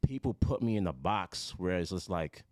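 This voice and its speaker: Laid-back low-voiced Jamaican-born man. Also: animated, normal speed, a little mellow, no room sound, clean studio sound. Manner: laid-back, says "you know" a lot. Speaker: guest musician. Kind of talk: casual chat.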